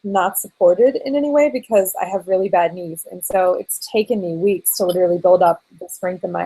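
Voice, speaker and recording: A woman rambles through a casual live-streamed video chat, giggling between thoughts. Her voice has a gravelly fry at the bottom, and she talks in loose, looping sentences full of fillers. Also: on the low side, a little mellow, rough recording. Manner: giggly, rambling, lots of likes. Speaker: vlogger. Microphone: video call.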